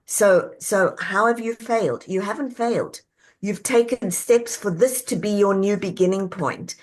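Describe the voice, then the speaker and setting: A woman speaking as a guest in an interview, her voice at an ordinary middle pitch. She lays out her ideas in a measured, reflective way, one step after another. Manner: measured, reflective, walks through questions step by step. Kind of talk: interview answer, coaching talk.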